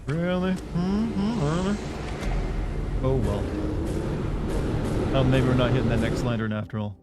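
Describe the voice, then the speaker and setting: A male streamer in casual chat, tired and yawning, thanking his viewers in a relaxed, drowsy way. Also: medium pitch, normal speed, heavy background noise.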